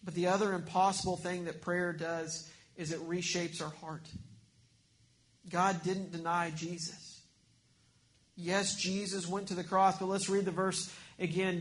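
A man preaching a sermon, earnest, swinging between emphatic points and hushed lines. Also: sits high, level tone, a little slow. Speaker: pastor.

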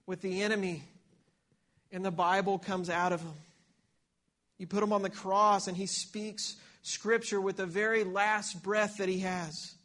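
High-voiced male preacher, level delivery. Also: fairly bright tone. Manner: reads Scripture aloud, repeats phrases, restarts often. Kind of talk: sermon.

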